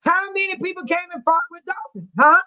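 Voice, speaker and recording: Her voice is very high, animated, bright and forceful, moving a little fast over a rough recording. This middle-aged host from the Dolton, Illinois area runs a casual livestream where she reads viewer comments, chats and teases viewers by name.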